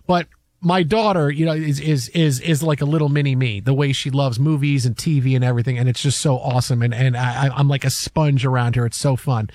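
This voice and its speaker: A man in his fifties co-hosting a casual chat, telling stories in a rambling, animated way with many restarts. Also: medium pitch, fairly quick, no echo. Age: 50s. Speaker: co-host.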